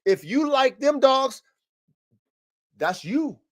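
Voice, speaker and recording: A man's voice: very high voice, big pitch swings, takes it slowly, a bit bright. A man hosting a casual livestream podcast about dogs, talking in a profane, emphatic, preaching way. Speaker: podcast host and dog breeder.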